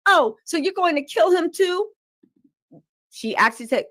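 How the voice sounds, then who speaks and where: Female co-host, high and very expressive, dry close sound, reading quotes in casual commentary. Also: normal speed, pauses often, dry recording.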